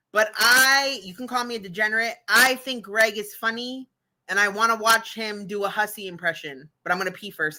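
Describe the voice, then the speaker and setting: A woman's voice: on the high side, sharp tone. A woman streamer reacting to clips, blunt and profane, rambling with fillers. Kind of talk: casual livestream commentary.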